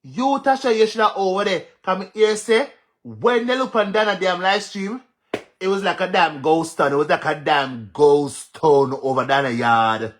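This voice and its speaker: A man with a Jamaican accent ranting on a live stream, mocking and cursing with loud laughs. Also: sits high, normal speed. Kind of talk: casual live-stream rant.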